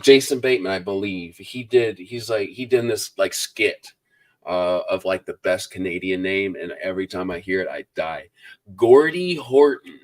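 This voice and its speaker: Host, male, low-pitched, rambling and friendly-casual, reads chat comments on a live stream. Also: steady tone, moderate pace. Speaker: book review channel host.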